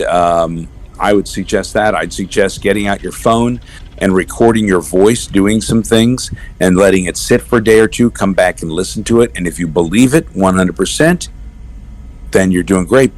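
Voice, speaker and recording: A middle-aged man, a voice actor, chatting as a guest in an interview and telling stories with animated asides. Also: sits low. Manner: animated storyteller, slips into quick character voices. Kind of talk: casual interview chat.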